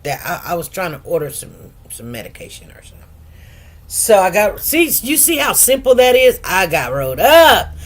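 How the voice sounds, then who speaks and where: A woman's voice: mid-range voice, big pitch swings, normal speed. A woman in her fifties hosting a livestream, chatting casually with viewers in a rambling, laughing way. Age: 50s. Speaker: livestream host.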